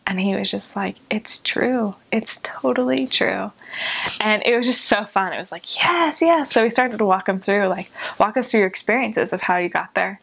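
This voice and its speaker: A young woman, a former missionary, telling a story casually with lots of "like", jumping into high voices when she quotes people. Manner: animated, lots of filler "like", jumps into high voices when quoting.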